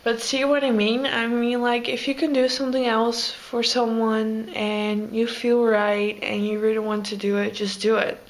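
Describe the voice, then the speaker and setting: A woman's voice: fairly high pitch, flat delivery, moderate pace, few pauses, poor audio. A young woman, chatting casually to camera in a rambling, hesitant way full of fillers. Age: 20s. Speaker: vlogger.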